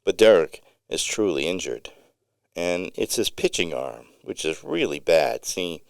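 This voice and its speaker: A man reading his own memoir story aloud as narrator, telling it in a vivid, unhurried way with occasional slips. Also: low-pitched, big pitch swings, gravelly, clear, resonant tone, dry recording, studio quality.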